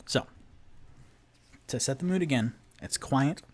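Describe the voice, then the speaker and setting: A man's voice: mid-range voice, unhurried, pauses often, a little hiss or hum. A man narrating a solo tabletop game as game master, rambling with many fillers and restarts.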